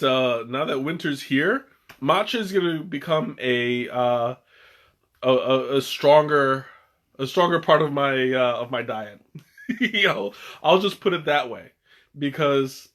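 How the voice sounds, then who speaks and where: A young man hosting a casual live stream, excitable and rambling, with many restarts and fillers. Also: medium pitch, slow pace. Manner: excitable, laughs often. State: has the hiccups. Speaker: tea stream host.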